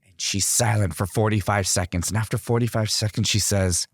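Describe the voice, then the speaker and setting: A man from Iran, a guest artist on an interview show, telling stories in an earnest, animated way. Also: fairly low pitch, a little fast, slightly rough, no room sound, clean studio sound. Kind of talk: interview, storytelling.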